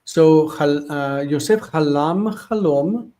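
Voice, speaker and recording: This Hebrew teacher talks slowly in a warm, fairly high-pitched voice, heard on a rough recording. During his live online class he goes through texts, pausing partway through sentences to check references while thinking out loud. He works from a home studio with only one light.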